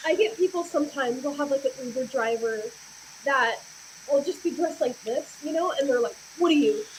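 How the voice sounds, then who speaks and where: A woman's voice: high voice, normal speed, a little hiss or hum, rough recording. A woman guest on a horror podcast, chatting casually with many fillers and giggles. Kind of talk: casual chat. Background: dog nearby.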